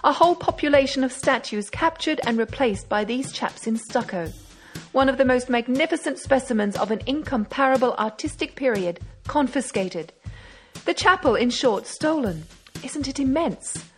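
A woman's voice: sits high, lively intonation, moderate pace, soft background music. A woman reading aloud as a brash young male amateur detective, speaking with eager, triumphant reasoning. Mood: exultant.

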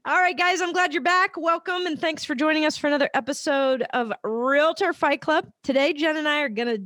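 A woman co-hosting a casual chat show, upbeat and quick to laugh. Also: sits high, fairly bright tone, no room sound, clean studio sound. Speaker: podcast co-host.

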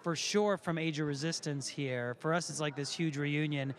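Teasing, higher-voiced male cast member. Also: steady tone, normal speed. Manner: teasing, playful, asks questions back. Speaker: show cast member and guest. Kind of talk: playful casual interview chat. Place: outdoors at a fan convention.

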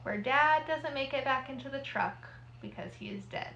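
A woman's voice: high voice, normal speed, creaky, sharp tone, muffled recording, a little hiss or hum. A woman co-hosting a podcast, chatting casually in an upbeat, teasing way. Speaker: podcast co-host. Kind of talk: casual chat.

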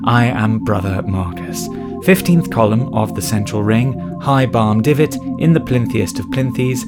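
A man hosting a comedy podcast, reading a scripted monologue in a solemn, mock-ceremonial deadpan. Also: medium pitch. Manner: solemn mock-ceremonial delivery, slow chanting of a creed. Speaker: podcast host. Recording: loud guitar music behind.

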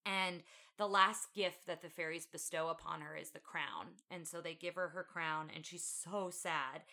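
A woman's voice: deep voice, normal speed. A woman co-hosting a podcast, animatedly retelling a film scene by scene and acting out the characters' lines. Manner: animated storyteller, acts out quotes. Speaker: podcast co-host. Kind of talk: casual film recap chat.

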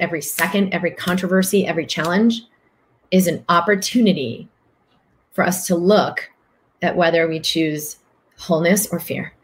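A woman hosting a livestream who answers viewer comments as a spiritual coach, talking earnestly and repeating phrases for emphasis. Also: on the low side. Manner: acts out other people's voices in quotes.

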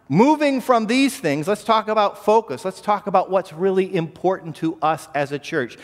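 A man's voice: high voice, in a large hall. A man preaching a sermon as pastor, earnest, often repeating a word as he restarts a phrase.

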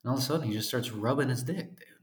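A man's voice: mid-range voice, very fast, roomy sound. A man in his twenties telling a story in a casual, profane rant, full of fillers. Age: 20s. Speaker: podcast host.

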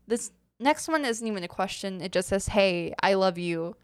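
A woman's voice: medium pitch, animated, moderate pace, smooth, no room sound, studio quality. A young adult woman hosting a podcast, answering listener questions in casual, rambling chat full of fillers and giggles. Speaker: podcast host. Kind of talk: casual solo Q&A.

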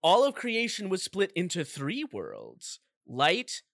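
Bright, unhurried man recapping a game. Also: sits high, huge pitch swings, vocal fry, no room sound, studio quality. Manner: laid-back storyteller, jokey asides. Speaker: podcast co-host. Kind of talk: casual chat, recapping a video game plot.

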